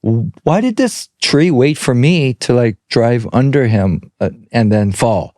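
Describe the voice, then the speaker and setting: Animated middle-aged man telling stories. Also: mid-range voice, measured pace, no echo, studio quality. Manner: animated storyteller who acts out other people's voices. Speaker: podcast co-host. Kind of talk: casual storytelling chat.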